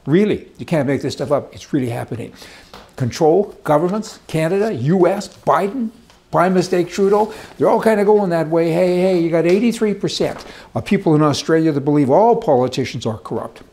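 A man delivers opinionated political commentary with a raised, higher-pitched voice. He rants emphatically, piling phrase on phrase and rambling off course. He talks indoors beside a fireplace. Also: animated, brisk, a little mellow.

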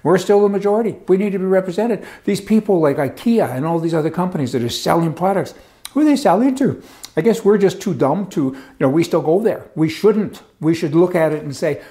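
A man's voice: sits high, animated, brisk, dark tone. An older man delivering a sarcastic opinion monologue, ranting and chuckling as he talks. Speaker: commentary host.

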